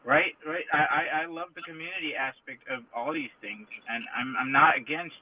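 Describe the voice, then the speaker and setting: Man on a tinny phone line. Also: a little high. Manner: halting, lots of restarts, lecturing. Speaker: crypto commentator in audio chat room. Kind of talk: casual debate.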